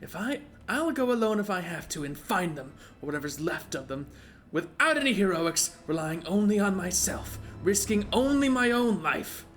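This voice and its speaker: A man voicing a blunt, raspy, witch-like female ranger while reading game dialogue aloud. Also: sits high, big pitch swings, moderate pace, fairly bright tone, faint music behind. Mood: grim.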